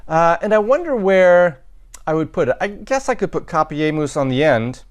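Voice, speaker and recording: A man with a fairly high, sing-song voice teaches Latin in a recorded lecture at a normal pace, the audio missing its high frequencies. He talks his way through sentences as he thinks, with repeated restarts and self-corrections.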